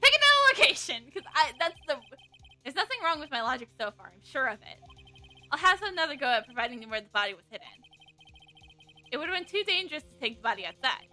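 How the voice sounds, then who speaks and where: A flustered young lawyer, bright and high, leaping between calm reasoning and triumphant shouts, as a woman voices him for a game. Faint game music runs behind. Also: quick pace. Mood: excited. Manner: excitable, shouting objections.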